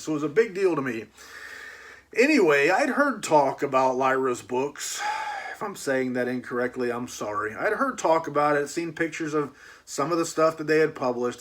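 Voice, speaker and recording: A man with a somewhat high-pitched voice talks in a relaxed, homespun way as he hosts his book unboxing channel. He rambles through personal stories before opening the box. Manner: folksy, rambling storyteller. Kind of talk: casual unboxing chat.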